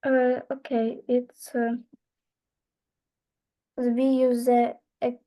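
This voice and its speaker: A woman learning English on a video call, reading aloud in a hesitant, halting way and stumbling over words. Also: on the high side, level tone, dark tone.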